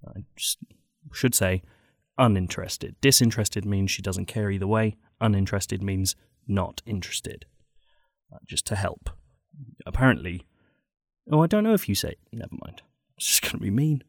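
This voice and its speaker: A man's voice: lowish voice, normal speed, creaky, dry recording. A man hosting a podcast, reading out listener stories with dry, mock-gloomy asides. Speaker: podcast host.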